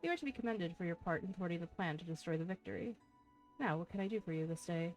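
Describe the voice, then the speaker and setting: A woman's voice: lowish voice, lively intonation, quick pace, darkish tone, faint music behind, lightly acted, rough recording. A woman reading as a stiff, courteous naval commodore. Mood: formal. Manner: courteous, stiff, dryly put-upon. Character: formal, weary male naval commodore. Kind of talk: reading game dialogue aloud in voices.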